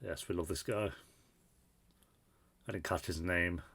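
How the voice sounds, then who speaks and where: A man's voice: sits low, fairly even intonation, unhurried, creaky, music in the background. A man hosting a reaction video, talking casually and with exasperation while he swears and comments on scenes.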